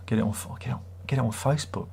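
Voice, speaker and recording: A middle-aged man with a husky, slightly breathy voice. He rambles casually through a livestream and reads out viewer comments. His replies are sarcastic and teasing, at an ordinary, middling pitch. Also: steady tone, racing, warm tone. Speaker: livestream host.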